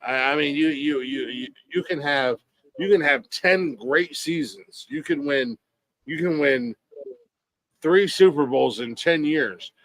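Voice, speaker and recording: A man's voice: on the high side, expressive, unhurried, fairly bright tone, dry recording. Heated, profane man ranting. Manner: profane, heated, lots of restarts. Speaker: podcast co-host. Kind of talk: casual sports chat.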